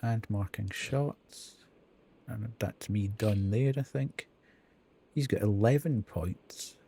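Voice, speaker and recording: A man's voice: fairly low pitch, slow pace, dark tone, a little hiss or hum. A man streaming a video game live, thinking aloud as he counts and reads out menu options. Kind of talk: casual live gameplay commentary.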